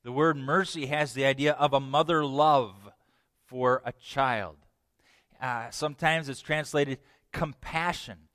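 A man preaching a sermon in an animated way, asking the congregation questions. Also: medium pitch, measured pace, dry recording, studio quality. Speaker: pastor.

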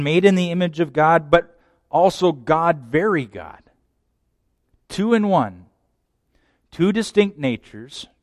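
A man preaching a sermon, swinging from hushed, low passages to loud, urgent ones. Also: dry recording, clean studio sound. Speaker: pastor.

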